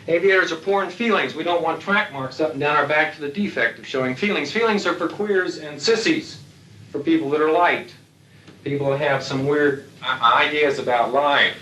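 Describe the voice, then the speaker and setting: A man's voice: a little high, moderate pace, pushed and bright, slight background noise. A man giving a lecture to military aviators in a blunt, folksy way with salty humor. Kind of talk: lecture to an audience. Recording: echoey hall, distant mic.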